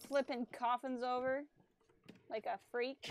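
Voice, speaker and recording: A fairly high-voiced woman chatting her way through a game stream. She explains mechanics and heckles the enemies. A faint hiss sits under her voice. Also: moderate pace. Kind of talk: casual gameplay commentary.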